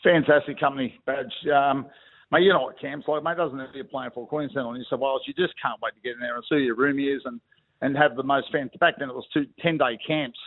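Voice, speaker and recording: Phoning in as a radio guest, a former rugby league player, a middle-aged Aussie, swaps memories in easygoing banter, with "mate" for everyone. He talks fast in a steady, mid-range voice, and the phone connection gives it a thin, tinny sound.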